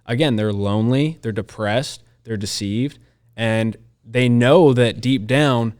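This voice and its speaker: A man's voice: mid-range voice, slow pace, darkish tone. A man co-hosting a Christian podcast, talking in an earnest, emphatic way and repeating his key phrases. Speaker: podcast co-host. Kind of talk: conversational Christian podcast discussion.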